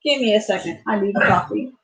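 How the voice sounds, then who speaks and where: A woman's voice: mid-range voice, brisk, fairly bright tone, poor audio. A woman hosting a live home cooking stream, chatting to viewers and to herself as she chops and mixes. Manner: chatty, talks to herself while cooking, sings and playfully whines. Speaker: cooking channel host. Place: home kitchen.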